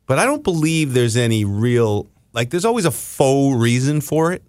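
A man's voice: medium pitch, sing-song, normal speed, a little mellow, no echo. Chuckling man telling a rambling story. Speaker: podcast co-host. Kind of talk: casual chat.

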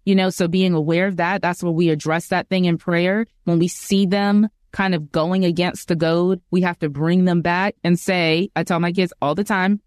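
A woman's voice: on the low side, fairly even intonation, moderate pace, few pauses, dry recording, studio quality. Earnest woman marriage coach. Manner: earnest, instructive, quotes others. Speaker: podcast guest, marriage coach. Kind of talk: casual Christian podcast interview.

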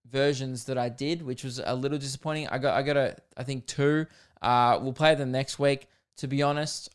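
Australian man, podcast host, rambling jokey chat, smooth clear voice, mid pitch. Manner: rambling and jokey, with lots of fillers. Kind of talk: casual solo podcast chat.

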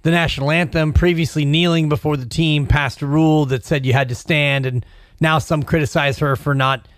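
Male sports talk host, slightly high voice, casual, reads quotes with dry asides. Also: steady tone, a little fast, no echo.

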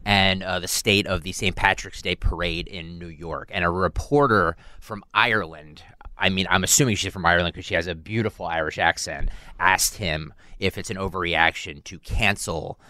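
A man's voice: sits low, moderate pace, pushed and bright, no echo. A male radio co-host who explains things hesitantly and stammers. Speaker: show producer and co-host. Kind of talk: talk radio banter.

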